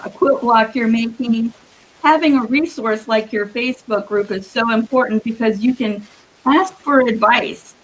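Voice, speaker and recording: A woman giving earnest, encouraging quilting advice as a guest on a live video call, with a husky morning voice. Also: a little high, poor audio. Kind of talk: live-streamed advice talk.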